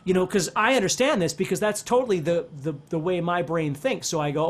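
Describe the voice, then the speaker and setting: A middle-aged man explains guitar ideas in an easygoing, conversational teaching manner. His voice sits fairly high for a man, and he often restarts his sentences as he works through a thought. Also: fairly quick, few pauses. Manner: animated, talks with his hands, thinks aloud with restarts. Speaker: guitar instructor.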